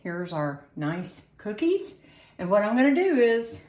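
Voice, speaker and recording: A woman's voice: medium pitch, big pitch swings, unhurried, a little mellow. Chatty woman in an echoey kitchen. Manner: chatty, self-deprecating, talks while working. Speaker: home cooking host. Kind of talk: casual cooking demonstration. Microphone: camera on a tripod. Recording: echoey room.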